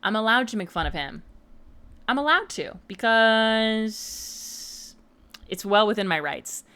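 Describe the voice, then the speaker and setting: A woman's voice: a little high, animated, slow pace, pushed and bright, clean tone. Chatty playful young woman streamer. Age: mid-twenties. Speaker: livestreamer. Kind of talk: casual chat while gaming.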